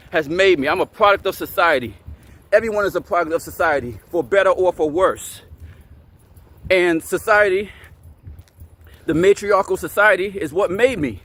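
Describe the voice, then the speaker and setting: A man's voice: sits high, a bit bright. A man hosting his own channel, ranting angrily at the camera, swearing and repeating himself. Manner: angry, repetitive and profane. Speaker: channel host.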